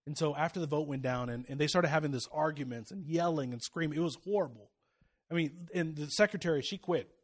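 This is a man preaching fast in a voice on the high side. Within the sermon he tells a personal story, his delivery sweeping from loud, rising exhortation into quiet, confiding asides.

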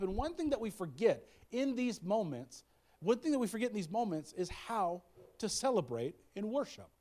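A man from the American Midwest preaching a sermon, conversational and humorous, with lots of restarts and bursts of excitement. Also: sits high. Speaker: pastor.

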